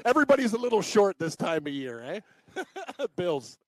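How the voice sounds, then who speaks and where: A man's voice: high-pitched, big pitch swings, moderate pace, rough recording. A man co-hosting a sports talk show, joking and teasing his partner in casual banter. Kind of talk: casual chat.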